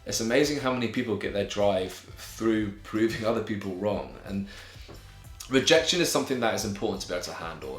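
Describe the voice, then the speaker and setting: Young english guy doing a q&a vlog, earnest and encouraging, lowish voice, echoey, music in the back. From England. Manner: earnest and encouraging, with friendly slang. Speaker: YouTuber. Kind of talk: advice vlog Q&A. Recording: echoey room with music bed.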